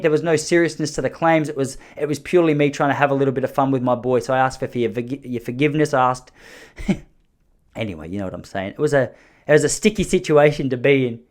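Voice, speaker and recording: A man's voice: medium pitch, darkish tone. A man in his thirties with an Australian accent, hosting a podcast and telling a story in a loose, self-mocking way, often correcting himself mid-sentence. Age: 30s. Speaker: podcast host. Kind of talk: casual storytelling monologue.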